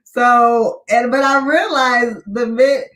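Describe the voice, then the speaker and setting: A woman hosting a casual live-stream chat, chatty and quick to laugh. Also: a little high, steady tone, fairly bright tone. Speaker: host.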